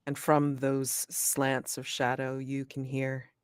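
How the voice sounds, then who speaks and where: A woman describes a scene in a tabletop game in a hesitant, halting way. Her voice is extremely low and her pace very slow. The sound is close and dry. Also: completely flat delivery, smooth, no room sound. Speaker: player. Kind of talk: tabletop role-play narration.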